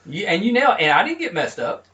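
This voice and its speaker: A playful man is hosting a casual podcast chat. His voice is high and swings widely as he jokes, and he sits a little back from the mic. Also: huge pitch swings, fast, pushed and bright, distant mic, highs cut off. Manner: playful, joking, laughs through flubbed takes. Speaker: podcast host.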